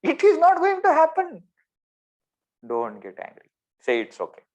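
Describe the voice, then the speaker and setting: A man with an Indian English accent giving a spiritual discourse over a video call, animated and full of rhetorical questions. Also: very high voice, a little slow, lo-fi sound. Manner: animated, rhetorical questions, swings between loud and soft. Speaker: spiritual teacher.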